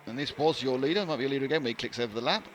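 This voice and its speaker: A man calls a race live in a chatty, joking way. His voice sits at an ordinary middle pitch, and a faint hum of noise runs behind him. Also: rapid-fire, fairly bright tone. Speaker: race commentator. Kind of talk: live commentary. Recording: light background noise.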